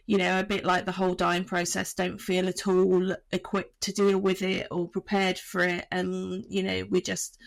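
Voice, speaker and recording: Woman co-host, reflective and affirming, with a gravelly edge. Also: mid-range voice. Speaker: podcast co-host. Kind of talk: podcast conversation.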